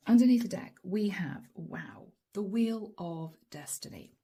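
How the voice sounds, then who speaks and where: Brief: woman, tarot reader, unhurried soft delivery, mellow tone. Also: mid-range voice, lively intonation, slightly rough. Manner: slow, soft, drawn-out delivery with whispered asides. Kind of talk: channeled tarot reading.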